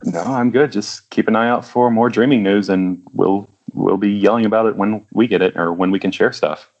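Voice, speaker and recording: A man from Louisiana who is a comic artist, speaking as a podcast guest in a laid-back, soft-spoken way. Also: on the low side, steady tone, normal speed, muffled recording. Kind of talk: casual interview chat.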